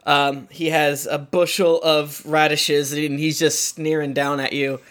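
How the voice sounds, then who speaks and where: A man's voice: fairly high pitch, flat delivery, measured pace, a bit bright. A man narrating as game master, hesitant with many fillers, who slips into voices for side characters.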